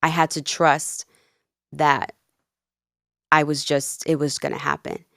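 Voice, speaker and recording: Woman, life coach, podcast guest, earnest storytelling, low voice, dry close sound. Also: slow pace, creaky, dry recording. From New Jersey, of Peruvian family. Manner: earnest, animated retelling with quoted dialogue. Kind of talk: candid storytelling in a podcast interview.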